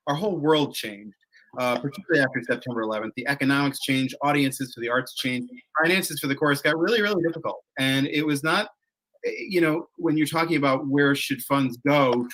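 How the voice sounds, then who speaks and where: A man with a fairly high, bright voice tells his chorus's story in a relaxed conversation. He rambles and corrects himself, then jumps up in pitch to act out what people said. The tone stays forceful and clear. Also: poor audio. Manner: rambling, self-correcting, with lively acted-out quotes. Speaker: chorus leader.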